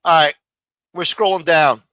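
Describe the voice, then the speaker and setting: A man's voice: a little high, fairly even intonation, measured pace, bright, forceful tone, no echo. A man hosting a live-stream panel, reading out viewer chat and greeting commenters in a blunt, joking way. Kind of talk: casual live-stream banter.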